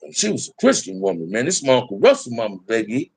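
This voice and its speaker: A man's voice: mid-range voice, big pitch swings, quick pace, gravelly, husky, no echo. A middle-aged man telling prison stories in casual talk to a live chat, candid and laid-back, full of street slang.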